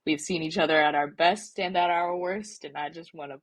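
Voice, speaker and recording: A woman's voice: sits low, fairly even intonation, brisk. A young woman in her twenties, a soccer player and podcast guest, telling a story casually with many fillers and restarts.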